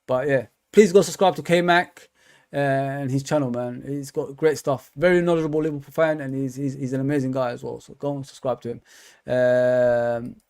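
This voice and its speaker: A man's voice: medium pitch, steady tone, normal speed, a little mellow, smooth. A man hosting a live football review stream for his fan channel. He talks casually and chattily, with lots of fillers and repeated words.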